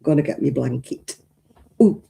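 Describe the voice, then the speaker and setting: A woman's voice: extremely low pitch, lively intonation, normal speed, vocal fry, dark tone. A woman chatting casually and homely to her live-stream viewers as she crochets, rambling and yawning often. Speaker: craft live-stream host.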